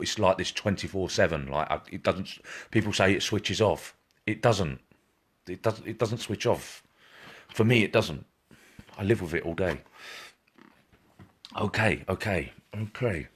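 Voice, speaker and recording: A man's voice: deep voice, breathy edge. A man working as a medium, giving a live-stream psychic reading, repetitive and reassuring, addressing viewers by name.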